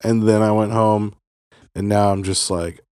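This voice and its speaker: A man's voice: lowish voice, little pitch movement, measured pace, darkish tone, no echo, studio quality. A man co-hosting a podcast, talking in a tired, laid-back, casual way. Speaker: podcast co-host. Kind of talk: casual chat.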